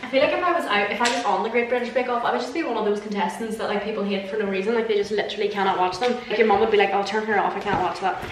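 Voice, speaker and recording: A young Irish woman chats casually while cooking at home for a vlog, self-mocking and swearing freely. She talks very fast in a mid-range voice, barely pausing. The home kitchen sounds echoey, with background noise.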